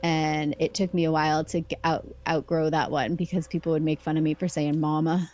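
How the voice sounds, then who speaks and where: A woman's voice: sits low, flat delivery, fairly quick, a little mellow. A young woman streaming a video game, chatting casually and playfully and laughing often. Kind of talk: casual live-stream chat while gaming.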